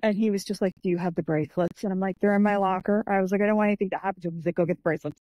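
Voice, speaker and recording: The author and martial artist talks very fast in a mid-range voice, recorded with no room sound and with the highs cut off. As a podcast guest she tells animated stories, acting out quoted people, with lots of "like" and "I'm like" fillers.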